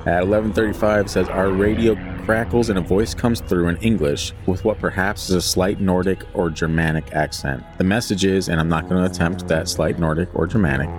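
Deep-voiced man reading aloud on a podcast. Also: steady tone, a little fast, hardly any pauses, music in the background. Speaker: podcast co-host reading a flight log aloud. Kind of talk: casual podcast chat with dramatic reading.

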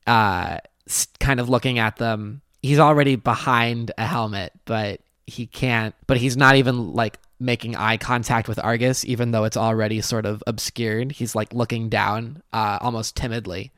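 A man playing a tabletop role-playing game, describing his character's actions in a hesitant, halting way. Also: mid-range voice, fairly even intonation, fairly bright tone, clear, resonant tone, no room sound, clean studio sound. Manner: hesitant, halting, with many fillers. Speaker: player.

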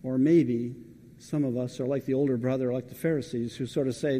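A man's voice: medium pitch, steady tone, fairly quick, mellow, big-room sound. A man preaching a sermon, talking conversationally and putting questions straight to the congregation.

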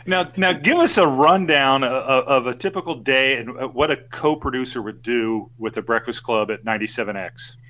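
A man's voice: mid-range voice, normal speed, hardly any pauses, pushed and bright. Male radio host asking questions. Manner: prompting, interviewer questions. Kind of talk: casual radio chat.

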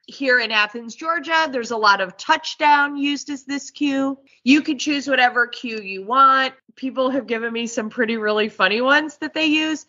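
A woman's voice: a little high, moderate pace, few pauses, sharp tone, lo-fi sound. A woman, a dog trainer chatting casually and animatedly, acting out the voices of dogs and owners. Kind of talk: casual podcast chat.

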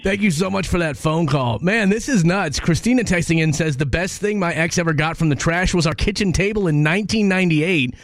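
A man's voice: a little high, brisk, few pauses, no echo. A man hosting a morning radio show, chatting casually with callers and easily amazed. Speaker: radio host.

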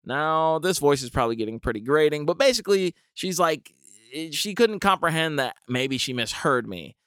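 A man's voice: fairly high pitch, lively intonation, moderate pace, a bit bright, no room sound, studio quality. A young man telling a comic story with wry, rambling asides. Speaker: comedian. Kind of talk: storytelling comedy monologue.

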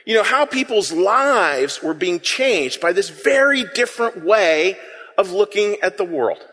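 A man's voice: high voice, animated, unhurried, a bit bright. A man preaching a sermon in a church hall, talking conversationally and asking the congregation to answer him. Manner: conversational, asks the congregation to respond. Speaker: pastor. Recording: long reverb of a large room.

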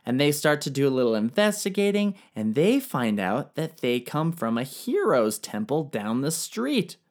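Lively, irreverent male history storyteller. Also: medium pitch, normal speed. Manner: irreverent, slangy and profane. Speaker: narrator. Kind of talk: comedic history retelling.

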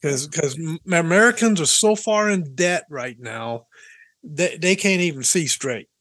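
A man's voice: fairly high pitch, lively intonation, unhurried, fairly bright tone, no room sound. A man co-hosting a casual Christian podcast, joking and teasing as he talks, chuckling often. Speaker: podcast co-host.

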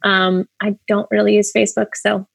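Dry-sounding woman guest, relaxed. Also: mid-range voice, vocal fry, no room sound. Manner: relaxed, many "um" pauses. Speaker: podcast guest, author. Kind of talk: casual interview chat.

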